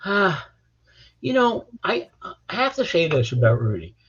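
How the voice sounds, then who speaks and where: A man's voice: high voice, wildly swooping pitch, measured pace, a bit bright, slightly rough. An older man, a criminal defense lawyer, telling stories bluntly in an interview, often repeating words as he starts a sentence. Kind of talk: storytelling interview. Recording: dull lo-fi audio.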